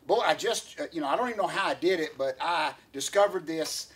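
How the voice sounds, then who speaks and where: A man's voice: fairly high pitch, brisk, a bit bright, breathy edge. A man, co-hosting a casual podcast chat, rambling with lots of fillers and restarts. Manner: rambling, many fillers and restarts, laughs often. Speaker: podcast co-host.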